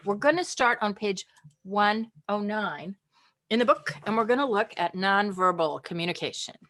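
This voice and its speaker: A woman teaching a college communication class online from home, chatty and lively, acting out different tones of voice. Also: medium pitch, normal speed.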